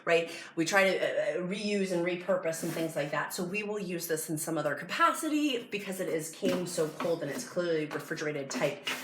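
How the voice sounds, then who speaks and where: A woman's voice: fairly low pitch, moderate pace. Gushing woman unboxing in an echoey room. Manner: gushing and excitable. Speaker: product review vlogger. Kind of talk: casual unboxing chat. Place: at home. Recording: echoey room with background noise.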